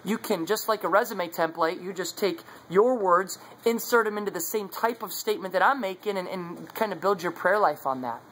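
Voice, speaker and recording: A man's voice: high-pitched, normal speed, hardly any pauses, a bit bright, a little hiss or hum, low-quality recording. A man sharing his faith in a casual devotional talk, earnest and conversational, recorded on a phone. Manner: earnest, conversational, many fillers.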